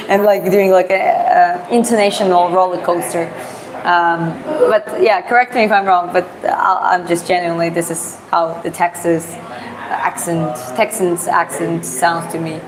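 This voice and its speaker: A woman's voice: lowish voice, steady tone, normal speed, noisy background. A woman from Georgia with a Georgian accent, a non-native English speaker chatting casually with viewers in a rambling, filler-heavy way. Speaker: vlogger streaming live. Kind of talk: casual chat answering viewer questions. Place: walking outdoors on city streets.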